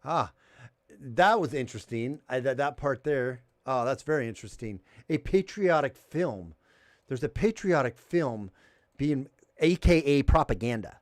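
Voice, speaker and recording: A man's voice: mid-range voice, expressive, a little slow, no echo, studio quality. A man hosting a call-in livestream, ranting heatedly with profanity and reading viewer chat aloud.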